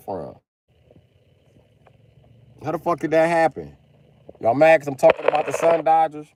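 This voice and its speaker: A man ranting on a casual livestream, profane and loud, breaking into high mock pleading. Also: takes it slowly, long pauses, noisy background.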